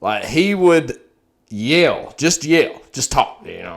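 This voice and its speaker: Young man, podcast host, animated and profane, voice swooping up and down. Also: medium pitch, takes it slowly, gravelly. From Texas. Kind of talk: casual chat.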